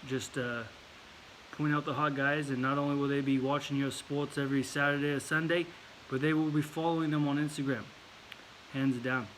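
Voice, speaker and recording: A man's voice: mid-range voice, little pitch movement, normal speed, a bit bright, a little hiss or hum, low-quality recording. A man telling a casual story to camera in a put-on English accent, rambling with fillers and repeated words. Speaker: vlogger.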